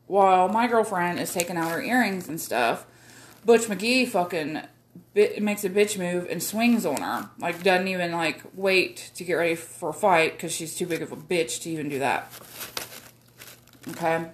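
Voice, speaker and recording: A woman's voice: on the low side, lively intonation, unhurried, a little hiss or hum. A woman, telling a personal story in a rambling way, full of swearing, fillers and asides.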